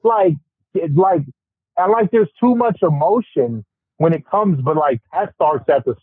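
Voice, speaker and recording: Man ranting, high and lively, phone-like. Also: measured pace, no room sound. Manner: animated, profane ranting. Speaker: podcast panelist. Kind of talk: casual podcast discussion. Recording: tinny phone-like, dry sound.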